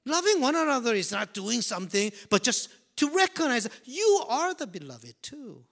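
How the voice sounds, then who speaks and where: A man preaching a sermon, swinging from loud emphasis to hushed near-whispers and repeating key phrases slowly. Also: very high-pitched, big pitch swings, creaky. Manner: slow, deliberate delivery with repetition.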